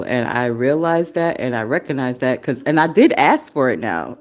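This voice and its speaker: This deep, very animated female voice moves at a normal pace with a slightly mellow quality. She's in her forties, a café founder hosting a relaxed solo podcast from her desktop, rambling along with plenty of laughter and lots of swearing.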